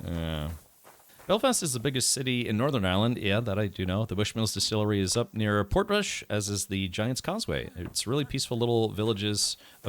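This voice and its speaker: A man's voice: fairly low pitch, fairly bright tone, a little hiss or hum. An American man commentating his gameplay live, chatty and rambling with many asides. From United States. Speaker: game streamer.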